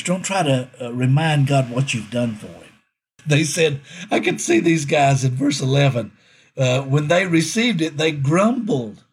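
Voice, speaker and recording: A middle-aged pastor, preaching a sermon, repeating key lines and jumping up in pitch when he quotes people. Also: expressive, normal speed. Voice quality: very husky, breathy voice.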